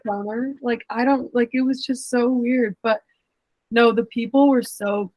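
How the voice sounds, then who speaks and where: A woman's voice: on the high side, fairly even intonation, measured pace, a little mellow, a little hiss or hum, rough recording. A young woman co-hosting a podcast, chatting casually and rambling with frequent "like" fillers. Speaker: podcast co-host, former pro soccer player.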